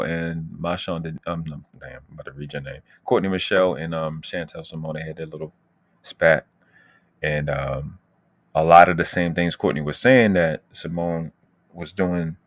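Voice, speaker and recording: A man's voice: low-pitched, creaky. A brash, slangy man from the United States hosting his channel's casual livestream, trash-talking and boasting as he talks to his chat. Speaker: channel host.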